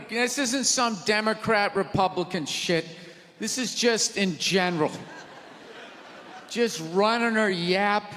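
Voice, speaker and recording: A man doing a stand-up comedy set on a theater stage, ranting in a loud, exasperated way. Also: high voice, slight background noise. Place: large theater stage with live audience. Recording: live theater recording with long reverb and crowd.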